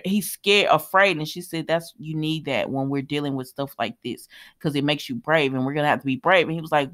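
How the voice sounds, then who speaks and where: A woman's voice: deep voice, fairly bright tone. A woman casually recapping a soap opera episode, chatty and colloquial, adding her own running commentary and talking to viewers as y'all. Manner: chatty, retells scenes with running commentary and laughs.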